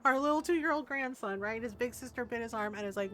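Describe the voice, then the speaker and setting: An older woman streamer telling a family story in casual chat, animated and laughing often, with frequent asides of "right?". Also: on the high side, fast talker, soft background music. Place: home streaming setup.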